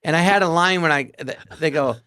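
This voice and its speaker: A man in his sixties tells comedy stories in a slightly high, dry, close voice. He slips in and out of character voices as he talks on a theatre stage for a live podcast. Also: fairly quick, clean tone, no echo. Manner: animated anecdotes, slipping into character voices.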